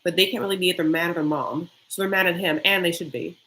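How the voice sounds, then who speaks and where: A young woman hosting a reality-TV recap vlog, ranting bluntly and profanely, with quick mocking impressions of the people she describes. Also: lowish voice, steady tone, bright, forceful tone, slight background noise. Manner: mocking, with quick acted-out quotes. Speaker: recap vlogger.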